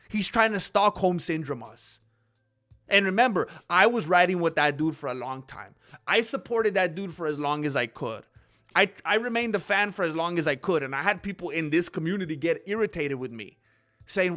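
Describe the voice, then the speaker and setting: A man's voice: sits high, expressive, brisk, sharp tone, soft background music. A man hosting his own commentary channel, giving heated opinions and acting out the voices he quotes.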